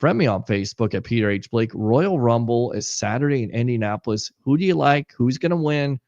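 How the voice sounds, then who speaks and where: A man hosting a casual sports talk show, keeping his voice down in a near monotone. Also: medium pitch, a little fast, no echo, muffled recording. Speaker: host.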